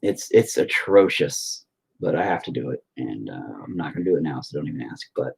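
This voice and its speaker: Gravelly, slightly rough, and very deep, his voice comes across as very animated and a touch quick. As he paints for his vlog, he meanders in casual conversation, swears, and mocks himself.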